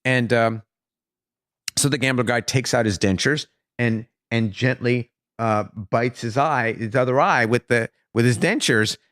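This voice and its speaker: A man telling a long joke in casual conversation, halting with many fillers and restarts. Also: mid-range voice, fairly bright tone, no echo, studio quality.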